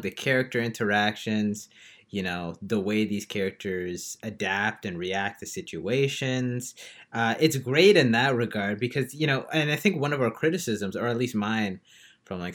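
A man's voice: fairly low pitch, fairly bright tone. A man chatting casually as a podcast co-host, rambling with many fillers and restarts as he retells scenes. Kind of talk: casual film review chat.

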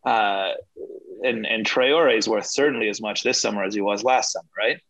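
A man co-hosting a casual football podcast, delivering his jokes deadpan and sarcastic. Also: fairly low pitch, moderate pace, dry recording. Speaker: podcast co-host. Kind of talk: casual sports chat. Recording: dull, dry lo-fi sound.

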